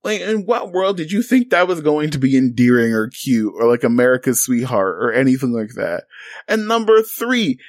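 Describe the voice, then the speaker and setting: Man, podcast co-host, casual recap chat, very lively pitch, dry close sound. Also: normal speed, no echo. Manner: animated storytelling, acts out quotes.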